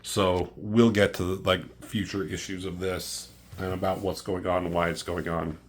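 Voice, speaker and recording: Male comic reviewer, fairly low-pitched, loose and profane, excitable play-by-play recap. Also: moderate pace. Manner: profane, excitable, filler-heavy retelling.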